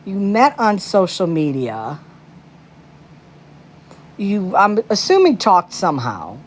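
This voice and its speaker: A woman's voice: mid-range voice, wildly swooping pitch, takes it slowly. A woman talks straight into her phone on a livestream. Her voice swoops up and down as she rants. She is indignant and stacks up one rhetorical question after another. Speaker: livestream commentator. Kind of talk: casual ranting commentary.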